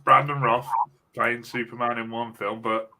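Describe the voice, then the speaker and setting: A man on a casual live-stream chat who makes slow, blunt interjections. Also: medium pitch, level tone, pushed and bright. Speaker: stream panelist.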